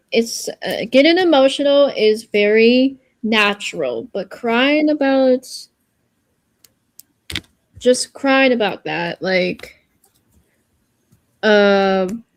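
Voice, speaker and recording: A woman's voice: fairly high pitch, no room sound. A woman on a casual livestream giving an earnest, reassuring pep talk, rambling and searching for her words as she goes.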